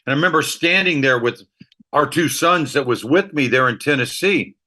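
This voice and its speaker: Middle-aged male ministry speaker, bright forceful tone, vivid anecdotal delivery. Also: on the high side, normal speed. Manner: animated storyteller, emotional anecdotes. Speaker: guest author and ministry leader. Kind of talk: storytelling interview talk.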